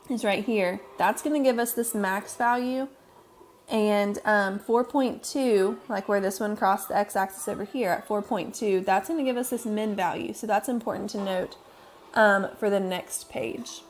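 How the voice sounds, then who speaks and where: A woman's voice: mid-range voice, normal speed, slight background noise. Woman teacher talking through a math screen recording. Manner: casual, patient, many fillers. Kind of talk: recorded lesson walkthrough.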